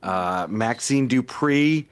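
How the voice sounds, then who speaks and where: A man co-hosting a casual podcast chat, halting and restarting a lot. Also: mid-range voice, expressive, clear, resonant tone. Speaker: podcast co-host.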